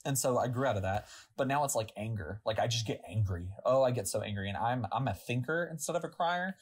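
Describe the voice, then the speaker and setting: Co-host, husky tone, reflective and advice-giving, loose and casual delivery. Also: mid-range voice, lively intonation, fairly quick. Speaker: podcast co-host. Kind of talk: casual chat.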